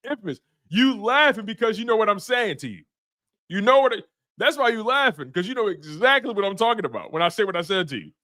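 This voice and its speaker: Guy hosting a live sports show, high voice that jumps all over, ribbing the chat, aave. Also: fast. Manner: animated, teasing chat readers by name. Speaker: sports podcast host. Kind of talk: casual live stream talk.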